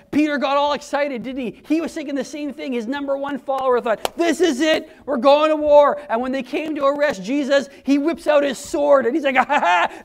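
A preacher with a strikingly high, gravelly voice gives a conversational sermon, speaking straight to the congregation. He's animated and throws himself into acting out the voices of the crowd and others he quotes.

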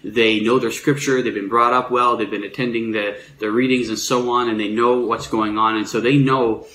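A man giving a sermon in a relaxed, explanatory way, with frequent fillers and restarts. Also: medium pitch, normal speed, reverberant, rough recording. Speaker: preacher.

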